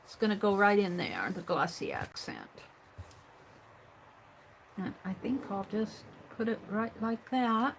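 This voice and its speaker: A woman's voice: medium pitch, sing-song, unhurried, creaky, pauses often, slight background noise, poor audio. A woman hosting a live craft stream, thinking aloud as she works, trailing off and murmuring under her breath. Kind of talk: live craft stream, talking while working.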